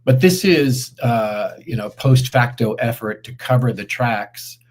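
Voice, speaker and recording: A man speaking as a guest commentator in a live online interview, measured and deliberate, with frequent fillers and restarts. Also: medium pitch, a little mellow.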